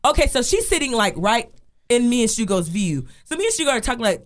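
A young woman in a casual group chat, blunt and quick with her comments. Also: medium pitch. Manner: lively, blunt, quick interjections. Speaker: podcast co-host.

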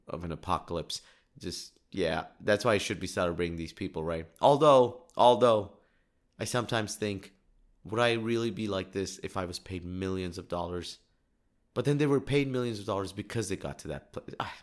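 A man in his thirties from Dubai hosting a casual solo podcast, rambling and self-deprecating, laughing often and restarting his sentences. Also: sits low. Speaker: podcast host.

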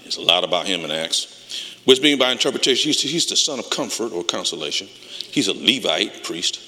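A man preaching a sermon as pastor, telling stories with lively call-and-response energy. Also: deep voice, normal speed. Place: church sanctuary. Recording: long reverb of a church hall.

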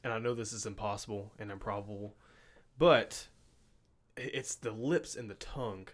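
A man in casual podcast chat, easygoing and quick to agree. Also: fairly low pitch.

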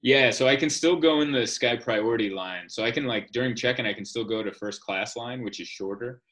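A man's voice: mid-range voice, brisk, fairly bright tone. A man, a comedian, telling wry, joking stories in casual chat. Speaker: comedian guest.

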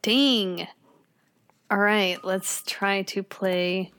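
A woman's voice: medium pitch, steady tone, extremely slow, fairly bright tone. A woman playing a tabletop game with friends, chatty and meandering in her questions. She speaks in an ordinary middle voice. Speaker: player. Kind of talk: casual game chat.

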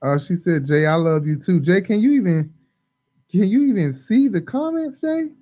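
Loose, rambling, high male live-stream host, dry mic. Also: lively intonation, normal speed, warm tone, dry recording, low-quality recording. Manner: loose, rambling, many ums and laughs. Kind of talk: casual live-stream chat.

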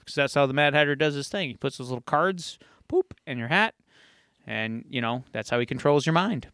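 A man hosting a podcast, retelling an episode in an animated, storytelling way. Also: mid-range voice, brisk, dry recording, clean studio sound. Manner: animated storytelling, acting out quotes. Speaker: podcast host. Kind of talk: casual episode recap.

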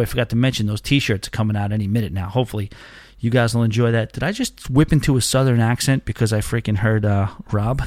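A man's voice: mid-range voice, no room sound. Man, podcast host, casual rambling chat, dry close mic. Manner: loose, self-deprecating, rambling with restarts.

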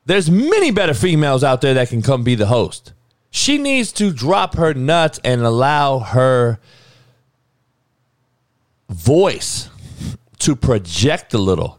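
Blunt, heated man ranting, lively pitch. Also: takes it slowly, long pauses, no echo, studio quality. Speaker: podcast host. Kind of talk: casual opinion rant.

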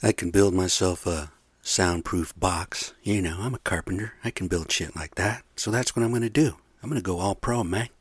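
A man's voice: deep voice, normal speed, slightly rough, dry recording. A man hosting a solo podcast, ranting in a profane, rambling, heated way from his bedroom. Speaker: podcast host.

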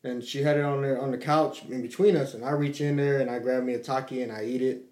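A middle-aged man telling a story in casual chat, swearing freely and acting out quotes with lively energy. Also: mid-range voice, fast talker. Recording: echoey room.

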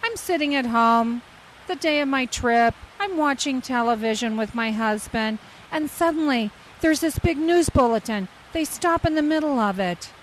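High-voiced woman telling lively stories. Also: normal speed, slight background noise, low-quality recording. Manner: lively, dramatic storyteller who acts out quotes. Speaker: flight attendant. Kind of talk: telling an anecdote in an interview.

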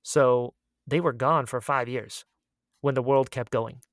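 A man's voice: mid-range voice, fairly even intonation, unhurried, no room sound, clean studio sound. A man co-hosting a casual pop-culture podcast, talking enthusiastically and gushing over shows he loves. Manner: enthusiastic, gushing recommendations, many "like" fillers. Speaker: podcast co-host. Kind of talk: casual chat.

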